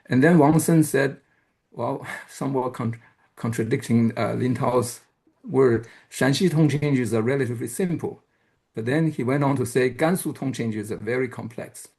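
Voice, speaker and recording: Gravelly-voiced man giving a hesitant lecture. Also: mid-range voice, moderate pace, a little mellow. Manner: hesitant, many fillers and restarts. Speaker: guest lecturer. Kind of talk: academic lecture.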